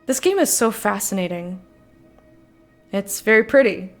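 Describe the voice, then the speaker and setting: A young woman playing a game and commenting casually, excitable and playful, swearing now and then. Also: mid-range voice, measured pace, long pauses, soft background music. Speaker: let's play streamer.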